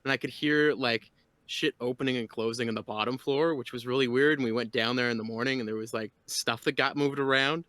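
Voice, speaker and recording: Male podcast co-host, relaxed and casual, very dry recording. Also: mid-range voice, fairly quick, no echo. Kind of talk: casual chat.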